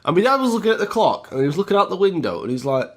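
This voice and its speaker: Lively chatty British man telling a story. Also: sits high, racing. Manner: chatty, keeps addressing the viewers as guys. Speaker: YouTuber. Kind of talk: storytime vlog.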